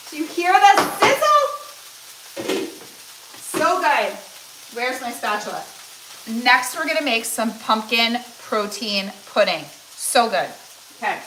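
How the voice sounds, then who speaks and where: A woman's voice: mid-range voice, sharp tone, roomy sound, slight background noise. A woman in her forties, a nutritionist and weight loss coach, chatting casually and encouragingly on a cooking livestream with many restarts. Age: 40s.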